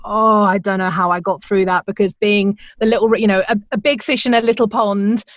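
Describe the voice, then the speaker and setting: A middle-aged woman, a radio presenter, telling her career story in a chatty, animated way, laughing often and acting out the voices she quotes. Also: mid-range voice, brisk, dry recording, studio quality. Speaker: podcast guest, radio presenter. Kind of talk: conversational storytelling.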